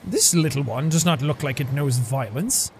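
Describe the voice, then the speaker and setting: A man doing a wise old deer who speaks slowly and soothingly, with a lowered, hushed voice. The deer is serene and gently philosophical. It sounds like a calm spirit from a story game. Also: vocal fry, a little hiss or hum. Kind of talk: reading game dialogue aloud.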